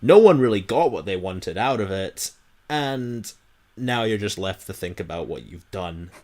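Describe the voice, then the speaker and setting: A man's voice: fairly low pitch, animated, measured pace, a little mellow. A man co-hosting a podcast, chatting casually about old films in a thoughtful, earnest and slightly hesitant way. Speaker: podcast co-host.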